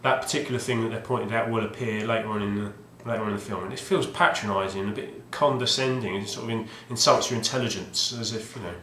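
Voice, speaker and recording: A man's voice: fairly low pitch, steady tone, quick pace, few pauses, fairly bright tone, slight background noise. Rambling man in an echoey room. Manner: hesitant, restarts often, wry. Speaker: video game collector vlogger. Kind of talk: rambling casual monologue. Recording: roomy echoey home recording.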